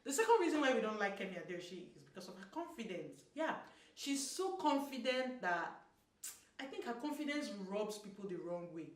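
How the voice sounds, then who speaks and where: A woman's voice: on the high side, a little fast. Sassy Nigerian woman vlogging. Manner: sassy, animated, mixing in Pidgin. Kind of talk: opinion commentary to camera. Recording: roomy echo, mic at a distance, soft music.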